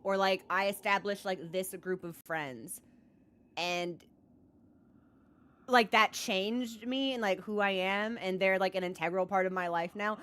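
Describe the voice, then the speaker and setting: A woman's voice: medium pitch, measured pace, a bit bright, clean tone. A young woman livestreaming from her computer desk, talking casually and earnestly to her viewers with lots of restarts and "like"s. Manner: rambling, earnest, with many restarts and "like"s. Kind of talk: casual chat to stream viewers.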